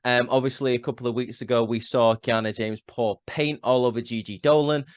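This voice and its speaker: A man's voice: mid-range voice, steady tone, a little fast, clear, resonant tone, no echo, studio quality. Rambling man giving an opinionated review. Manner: rambling, frequent "um" and restarts, opinionated. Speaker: wrestling show reviewer. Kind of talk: casual spoken review.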